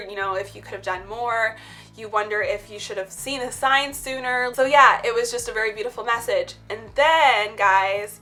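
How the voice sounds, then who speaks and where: A woman's voice: medium pitch, pushed and bright. A woman telling personal stories in a casual, heartfelt chit-chat vlog, full of "like" fillers. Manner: chatty, heartfelt, many "like" fillers. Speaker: spiritual vlogger.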